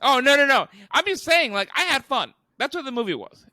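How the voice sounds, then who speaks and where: Young male podcast co-host, animated and profane, quick to mimic others. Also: very high voice, no room sound, studio quality. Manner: profane, joking, mimics others mid-story. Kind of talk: casual podcast chat.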